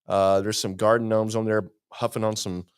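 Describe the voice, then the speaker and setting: A man's voice: fairly low pitch, level tone, normal speed, clear, resonant tone, no room sound, studio quality. A man co-hosting a live barbecue podcast, chatting casually and joking while rating beers. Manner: jokey, laughs often, acts out quotes. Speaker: podcast co-host.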